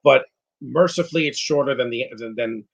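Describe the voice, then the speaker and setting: Man, casual watch-along commentator, husky voice, opinionated rambles. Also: medium pitch, normal speed, fairly bright tone, lo-fi sound. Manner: rambling, opinionated, with frequent restarts. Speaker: live movie commentator.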